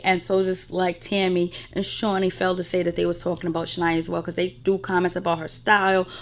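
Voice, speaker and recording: Chatty, opinionated woman recapping. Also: medium pitch. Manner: chatty, opinionated, with frequent filler phrases. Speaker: reality TV recap host. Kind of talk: casual spoken recap.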